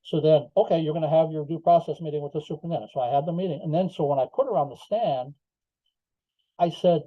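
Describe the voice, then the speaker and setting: A man's voice: a little high, fast talker, no echo. An older man, a podcast guest, telling his story emphatically with rhetorical asides. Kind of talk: interview storytelling. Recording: slightly dull lo-fi audio.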